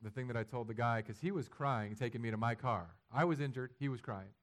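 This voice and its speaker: A man preaching a sermon, acting out imagined prayers and building to loud, emphatic passages. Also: a little fast. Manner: rises to loud, high-pitched emphatic passages; acts out imagined prayers and quotes. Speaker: pastor.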